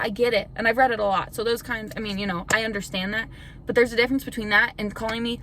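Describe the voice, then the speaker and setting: A young woman YouTuber rants in a casual vlog, frustrated and defensive, swearing often and rambling with plenty of filler "like." Her fairly high voice sounds pushed and bright, and the low-quality recording carries a little hiss or hum.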